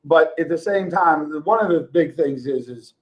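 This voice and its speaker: Casual podcast co-host, a man with a fairly high voice who ribs his friends and rambles. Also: moderate pace, highs cut off. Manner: teasing, laughs often, rambling restarts. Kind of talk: casual chat.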